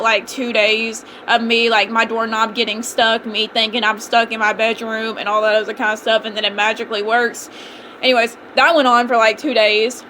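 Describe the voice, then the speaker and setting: A woman's voice: on the high side, bright, forceful tone, a little hiss or hum. A young woman casually telling a storytime tale, chatty and self-mocking, with lots of "like" fillers. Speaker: vlogger.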